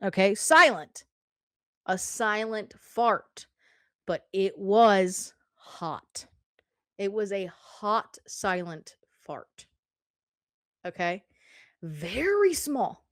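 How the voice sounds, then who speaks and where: A young woman hosting a podcast, telling a story in an animated, profane way and often checking in with "okay?". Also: mid-range voice, very slow, long pauses, clear, resonant tone, no echo, clean studio sound. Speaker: podcast host. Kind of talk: casual storytelling.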